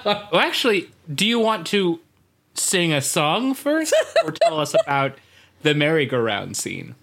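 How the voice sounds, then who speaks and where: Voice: mid-range voice, a little slow, gravelly. A podcast co-host in casual chat, joking and leading the segments. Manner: joking, animated.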